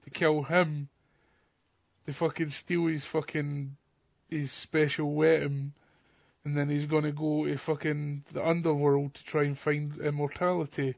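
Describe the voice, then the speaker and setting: Guy, gravelly, kinda flat delivery, sweary and blunt, bit muffled recording. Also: fairly high pitch, unhurried, no echo. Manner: blunt, heavy swearing, joking. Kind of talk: casual chat.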